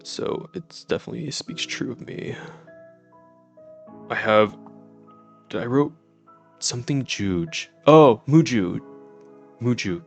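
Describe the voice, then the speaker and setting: A man's voice: medium pitch, animated, slow, creaky, pauses often, soft background music. A young man in his twenties chatting casually on a live stream, giddy and laughing often, swearing freely. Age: 20s.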